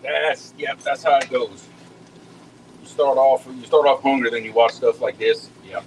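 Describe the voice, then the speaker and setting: A chatty man from talks viewers through his cooking in a relaxed, folksy way, often doubling back on his words. His voice sits at a middling pitch, with a faint hum of background noise. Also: measured pace, rough recording. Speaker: home cook hosting a live cooking stream. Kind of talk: casual cooking chat with viewers.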